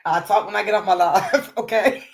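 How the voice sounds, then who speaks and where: A woman's voice: mid-range voice, creaky, slight background noise. A woman hosting a casual live stream and reading the chat out. She laughs often, calls on the Lord and swears freely.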